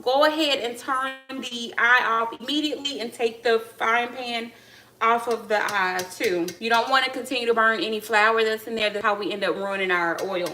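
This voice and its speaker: A woman with a bright, sharp voice pitched a little high talks her viewers through a live cooking stream in her home kitchen. She keeps calling out to the audience in a chatty, easygoing way, and pans and dishes clatter faintly behind her. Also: a little hiss or hum, poor audio. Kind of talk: casual live cooking chat. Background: clatter of pots and dishes.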